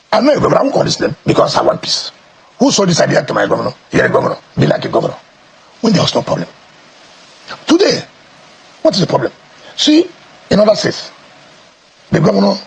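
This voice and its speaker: Emphatic Nigerian man, high lively voice. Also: creaky, slightly rough. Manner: forceful, emphatic, repeats phrases. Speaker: politician being interviewed. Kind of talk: heated TV interview.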